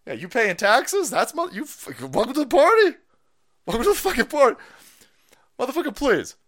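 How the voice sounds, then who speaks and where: A man's voice: extremely high pitch, big pitch swings, moderate pace, fairly bright tone. A man ranting on a livestream, foul-mouthed and mocking, swearing constantly. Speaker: streamer. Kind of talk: profane political rant on a livestream.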